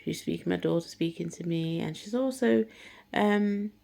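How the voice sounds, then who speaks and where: A woman's voice: lowish voice, normal speed, vocal fry, mellow. A woman telling a personal story in a casual, rambling way, full of fillers and restarts. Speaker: faith channel host.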